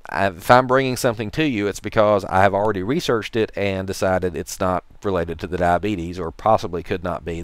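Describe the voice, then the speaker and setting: A man with a Tennessee accent talks to the camera in a low, smooth voice. He tells his story in a rambling, dryly sarcastic way. The sound is close and dry, with no room echo. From Tennessee, USA. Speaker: vlogger. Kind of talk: casual talk to camera.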